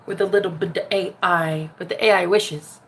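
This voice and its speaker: A woman's voice: fairly low pitch, steady tone, moderate pace. Sassy lady vlogging, calls everyone honey, faint hiss behind her. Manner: sassy, talks straight to the viewer, calls them honey; laughs often, jumps between loud and hushed. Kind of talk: casual spiritual vlog rant.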